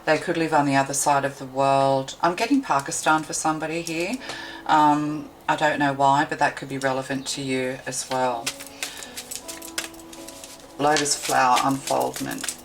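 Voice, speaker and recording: A woman's voice: sits low, level tone, normal speed, faint music behind, low-quality recording. A woman tarot reader giving a meandering, intuitive card reading, thinking aloud with many fillers.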